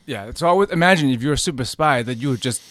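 A man's voice: medium pitch, lively intonation, fast talker, a bit bright, slight background noise. A man who is not a native English speaker, talking bluntly and jokily in casual podcast chat. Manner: blunt, matter-of-fact, joking.

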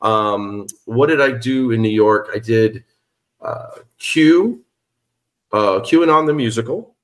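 A man's voice: medium pitch, takes it slowly, fairly bright tone. Playful male actor, casual chat. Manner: playful, jokey, slips into accents. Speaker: guest actor.

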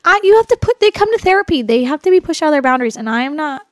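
A woman speech therapist co-hosting a podcast, telling a work story in a casual, animated way with quoted dialogue. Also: sits high, very fast, dry recording, studio quality. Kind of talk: casual chat.

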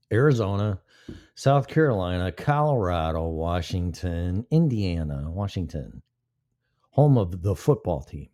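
Low-voiced guy rambling on his stream, swearing, mellow tone. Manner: rambling and profane, killing time. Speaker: live-stream show host. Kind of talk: casual rambling live-stream talk. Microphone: mic placed to the side of his mouth.

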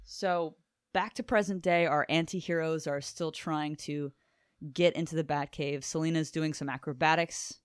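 A woman's voice: sits low, fairly even intonation, normal speed, smooth, no room sound, clean studio sound. A woman co-hosting a podcast, enthusiastically recapping a comic book in casual chat and swearing now and then. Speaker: podcast co-host.

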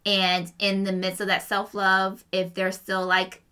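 A woman co-hosting a podcast in casual chat, earnest and thinking out loud. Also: medium pitch, completely flat delivery, measured pace, clear, resonant tone. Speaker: podcast co-host.

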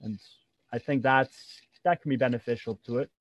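Halting man talking grappling training, dull dry sound. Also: medium pitch, no room sound. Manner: halting, with many fillers and restarts. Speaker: jiu-jitsu competitor and instructor. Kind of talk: casual interview talk.

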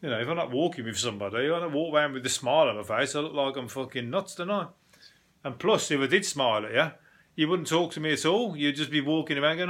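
A man with a thick Birmingham accent hosts a podcast in a loose, sweary, comedic rant. His voice sits a little high and sounds sharp and bright. He rambles, restarts his sentences and laughs at his own points. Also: fast. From Birmingham, England. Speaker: podcast host.

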